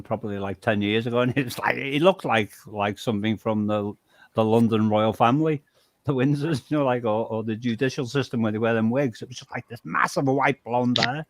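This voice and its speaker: A man's voice: medium pitch, fairly quick, no room sound, studio quality. A man in a casual group chat who rambles and laughs often. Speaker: live chat panelist.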